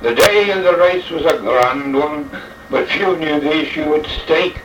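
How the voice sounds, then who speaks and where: A man recites a dramatic verse tale as an old head jockey, theatrical and deliberate in his phrasing. His voice is slightly high and sounds far from the microphone in a reverberant room. The old recording is dull and muffled, with faint noise underneath. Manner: theatrical, slow and deliberate delivery.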